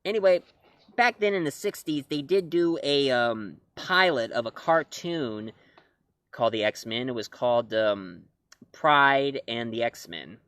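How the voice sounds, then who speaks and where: A man chats to camera about comics and films, rambling and restarting his sentences. His voice sits at a middle pitch for a man. The sound is close and dry. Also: lively intonation, a little slow, fairly bright tone, dry recording. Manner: rambling, self-correcting, chuckling. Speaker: comics and film reviewer. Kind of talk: casual talk-to-camera review.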